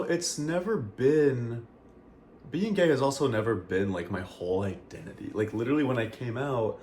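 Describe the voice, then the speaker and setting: A young man chatting candidly to camera in a vlog, rambling with lots of fillers and casual swearing. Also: on the low side. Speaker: vlogger. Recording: echoey room with faint noise.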